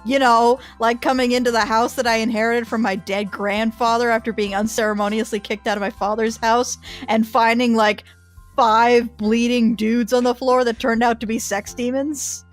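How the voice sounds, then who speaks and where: A woman's voice: on the high side, little pitch movement, moderate pace, faint music behind. Teasing young woman, exasperated gamer. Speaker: let's play host. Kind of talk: casual game commentary.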